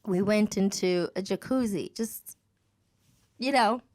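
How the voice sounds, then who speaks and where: A woman's voice: medium pitch, slow pace. A woman in her thirties, a podcast guest, telling a story in casual chat and acting out what other people said. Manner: animated, acts out quoted people.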